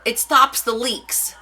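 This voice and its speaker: A woman's voice: on the high side, sharp tone, low-quality recording. A woman hosting a live craft stream, chatting casually with her viewers and answering their comments as she demonstrates. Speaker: craft livestream host.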